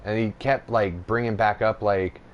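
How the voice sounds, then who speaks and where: A young man on a casual podcast tells a long story in a rambling, profane way, full of fillers and restarts. His voice sits fairly low. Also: steady tone, normal speed, muffled recording. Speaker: podcast host.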